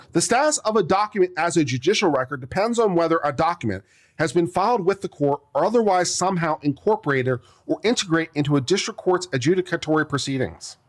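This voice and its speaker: Reading a legal brief aloud, a man who is an attorney commentator picks it apart with sarcasm and exasperation, coughing now and then. He speaks fairly quickly with lively intonation in a slightly high voice.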